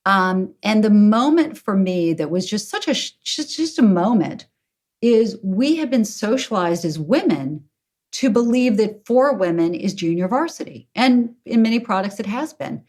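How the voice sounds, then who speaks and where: A woman's voice: medium pitch, animated, normal speed. A middle-aged woman guest talking in an emphatic, storytelling way in an interview. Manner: emphatic, storytelling with acted quotes. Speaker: guest, company CEO. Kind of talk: interview conversation.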